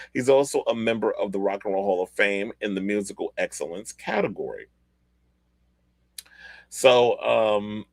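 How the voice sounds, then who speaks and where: A man with a lowish voice, hosting a pop-culture podcast in a loose, chatty way. He reads excerpts aloud and drops in casual asides. The sound is close and dry, with no room around it. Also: dry recording. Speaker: podcast host.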